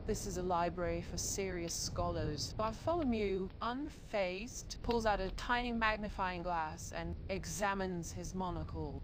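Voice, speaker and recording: A woman's voice: fairly low pitch, measured pace, few pauses, background noise. A woman streamer with a synthetic-sounding voice, telling playful, punny stories to a live chat.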